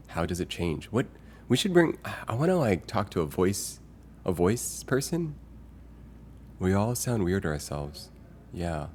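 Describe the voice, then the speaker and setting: A man with a very low voice chats casually on a live stream, musing aloud and rambling through filler words. He reads viewers' messages out loud as he goes. Faint noise sits under his voice.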